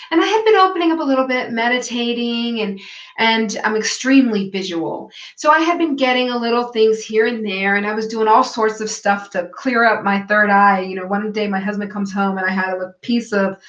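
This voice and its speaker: A woman guest in a casual interview, telling a personal story in an animated way and acting out what others said. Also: a little high. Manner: animated storytelling, acts out quoted voices. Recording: echoey, dull lo-fi call audio.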